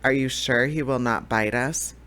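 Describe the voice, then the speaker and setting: A man's voice: moderate pace, bright, forceful tone, lightly acted. A man reading aloud, voicing a small, proud female mouse queen in a storybook. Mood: regal. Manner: squeaky little voice, indignant.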